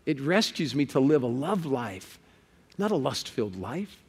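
A man preaching a sermon, lively and conversational, stammering on words and putting questions to the congregation. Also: medium pitch, normal speed, husky. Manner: lively, repeats words when stuck, asks the crowd questions.

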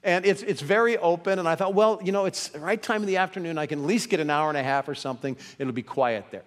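A man's voice: on the high side, fast. Man preaching in a reverberant hall. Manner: dramatic swings from hushed to loud, acts out quotes. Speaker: pastor. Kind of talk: sermon.

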